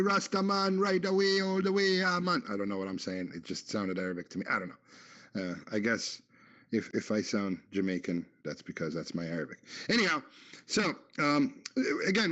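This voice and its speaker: A man co-hosting a goofy call-in radio chat, bouncing his voice up and down in a playful, mock-announcer way. His pitch swings widely from line to line. The sound is dull and lo-fi, like audio passed through a walkie-talkie app. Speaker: co-host.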